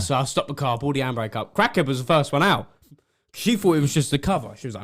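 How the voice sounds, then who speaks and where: A young man co-hosting a podcast, telling an animated story with laughs and swearing. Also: medium pitch, quick pace. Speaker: podcast co-host. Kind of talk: casual storytelling chat.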